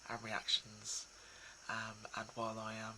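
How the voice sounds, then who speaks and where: A man talking casually and reflectively to his viewers, soft and hesitant, with many pauses and restarts. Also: on the low side, completely flat delivery, slight background noise, low-quality recording. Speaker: poetry reader.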